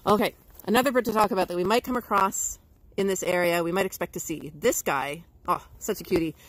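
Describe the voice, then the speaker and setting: A woman's voice: fairly low pitch, fairly quick, dry recording, rough recording. A woman educator giving a playful livestream nature lesson to schoolchildren. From Canada. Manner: bubbly, playful, imitates bird calls.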